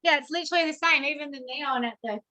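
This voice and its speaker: An Australian woman talking through a braiding technique in a loose, chatty way as she works on a mannequin. Her voice sits a little high and she keeps things casual. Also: quick pace, crowd noise, poor audio. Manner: chatty and animated, demonstrating on a mannequin. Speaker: braiding teacher. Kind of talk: casual hair braiding tutorial on a video call.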